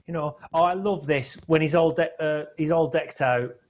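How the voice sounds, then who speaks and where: A man's voice: fairly high pitch, moderate pace, darkish tone. Chatty man hosting a film commentary. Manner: chatty, storytelling, tag questions. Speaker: host. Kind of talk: casual film commentary chat.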